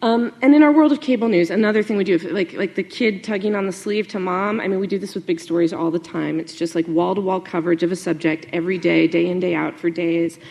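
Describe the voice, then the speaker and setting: A woman journalist giving a lively talk to an audience, animated, with many fillers and asides. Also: lowish voice, fast, vocal fry, hardly any pauses.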